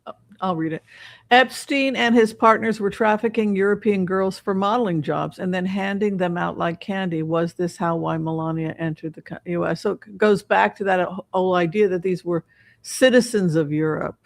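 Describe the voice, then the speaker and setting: A man co-hosting a casual political chat, animated and quick to slip into impressions. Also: high voice, vocal fry, dry recording. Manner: animated, does impressions, restarts often. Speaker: co-host.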